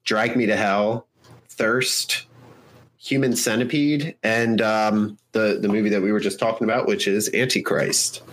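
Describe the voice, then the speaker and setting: A man co-hosting a casual podcast chat, chatty and halting, with plenty of fillers. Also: lowish voice, fairly even intonation, fairly bright tone. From Minnesota, United States. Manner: chatty, laughs mid-sentence, halting fillers. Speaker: podcast co-host.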